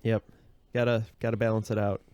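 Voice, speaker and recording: A man co-hosting a podcast, telling an anecdote in relaxed casual chat with light laughs. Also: fairly low pitch, a little fast, clear, resonant tone, no echo. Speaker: podcast co-host.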